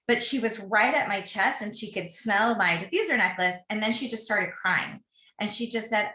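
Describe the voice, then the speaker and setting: A woman's voice: medium pitch, moderate pace, sharp tone. A woman in her thirties co-hosting a podcast. She tells a personal story in a chatty, rambling way, with many fillers and restarts. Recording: echoey room.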